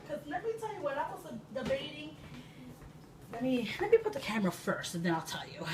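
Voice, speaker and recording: A woman from Puerto Rico in her thirties, an excitable, chatty cooking-channel host with sudden loud exclamations and laughter, talking casually in her home kitchen. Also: high voice, fairly quick. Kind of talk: casual cooking vlog chat. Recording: distant mic with room noise.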